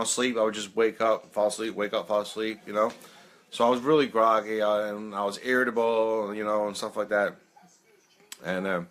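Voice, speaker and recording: Bright-voiced man telling stories, laughing. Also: lowish voice. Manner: rambling, laughs often, says "man" a lot. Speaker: host of a peer support live chat. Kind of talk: casual storytelling on a live video.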